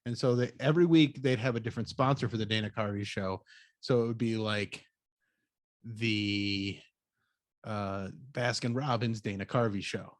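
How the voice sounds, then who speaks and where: A man's voice: fairly low pitch, moderate pace, no room sound, studio quality. A man hosting a comedy podcast, chatting casually, rambling with lots of fillers and laughing often. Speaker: podcast host. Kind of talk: casual chat.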